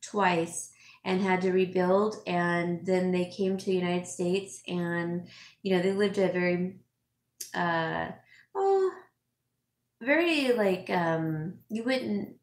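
A woman's voice: fairly low pitch, slow. Emotional chatty woman in an echoey room. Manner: emotional, chatty, laughs often, many fillers. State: teary, sniffling. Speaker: home stager and vlogger. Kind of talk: casual chat reading viewer comments.

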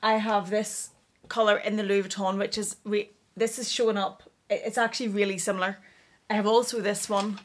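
A young woman vlogger chatting through an unboxing, excitable and giggly, tripping over her words. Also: mid-range voice, a little fast. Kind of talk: unboxing vlog chat.

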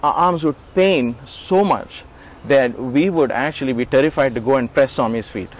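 At normal speed and medium pitch, a man in his forties reminisces in an interview. He animates his stories by performing the quoted voices, and he chuckles and restarts now and then.

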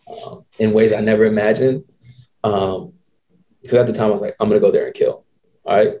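A man in his twenties hosting a podcast, telling a story in an animated, slangy way. He often acts out other people's lines. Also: on the low side, vocal fry. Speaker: podcast host. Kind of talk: casual storytelling.

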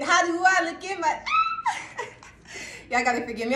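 A woman reading tarot in a casual, excitable way, laughing often and breaking into bits of song. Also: extremely high pitch, a little slow, pauses often, reverberant, a little hiss or hum. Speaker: tarot reader.

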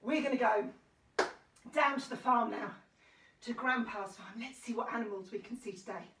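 A woman's voice: on the high side, normal speed, recorded from a distance, background noise. A woman singing nursery songs and leading actions for small children, calling out encouragement between the verses. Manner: sing-song, encouraging, calls out instructions between songs. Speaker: children's sing-along leader. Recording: roomy sound from away from the mic.

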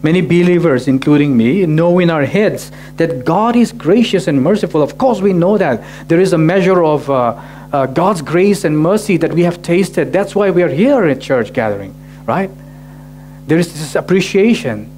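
A man's voice: on the high side, animated, moderate pace, darkish tone, a little hiss or hum. A male pastor preaching a sermon, asking rhetorical questions and often adding "right?" to his sentences. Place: church gathering.

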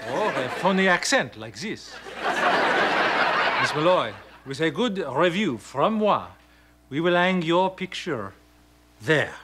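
Brief: grandiose faux-French critic, high and sing-song, hissy track. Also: male voice. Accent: fake French. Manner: pompous, theatrical. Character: pompous phony-French male art critic. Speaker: art critic.

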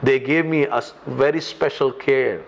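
A man's voice: mid-range voice, fairly even intonation, moderate pace, creaky, muffled recording, a little hiss or hum. A pastor from India preaching a sermon in English with an Indian accent, emphatic and repeating his key phrases.

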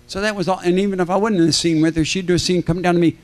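A man's voice: high voice, fairly even intonation, quick pace, hardly any pauses. An older man, a celebrity guest on a convention panel stage, telling rambling, jokey anecdotes that he often breaks off and restarts. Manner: self-interrupting, jokey, acts out quoted voices.

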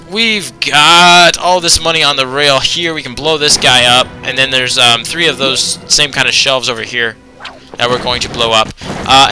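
A young man talks through a video game in a loose, rambling commentary, filling every pause with ums and anyways. His voice is very bright and sharp, with faint music under it. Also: medium pitch. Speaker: let's play commentator. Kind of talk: casual gameplay commentary.

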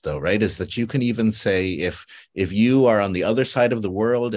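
Low-voiced man hosting a video call chat. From Guam. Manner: reflective, rambling with restarts. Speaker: host. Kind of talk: casual panel chat.

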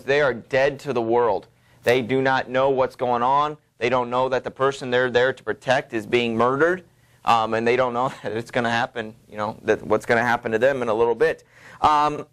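A male teacher giving a classroom literature lecture in a halting way, full of fillers, stopping to read passages aloud. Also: medium pitch, a bit bright.

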